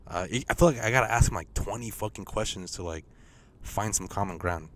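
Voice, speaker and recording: A man's voice: on the low side, fairly quick, slight background noise. A young man co-hosting a podcast in casual chat, hesitant and joking, with plenty of swearing. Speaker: podcast co-host.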